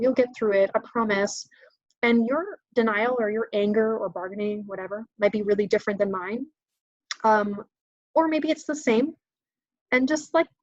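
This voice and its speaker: A woman's voice: mid-range voice, no echo. A woman hosting a casual self-care webinar, chatty and self-mocking, reassuring listeners between many ums. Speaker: webinar host. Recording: dull lo-fi home webinar audio.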